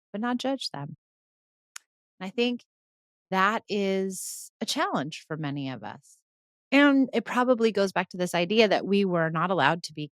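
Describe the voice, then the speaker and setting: A woman hosts a parenting podcast, talking alone in an earnest, conversational way. She now and then slips into short acted-out lines of a parent or child. The sound is dry and close, with no room echo. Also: medium pitch. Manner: earnest, conversational, acts out parents and kids in asides. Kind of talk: reflective solo talk.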